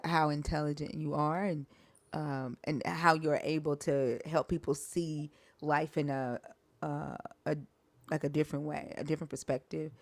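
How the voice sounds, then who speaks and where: A co-host in casual chat, laughing and encouraging as they respond to a friend's story. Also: medium pitch.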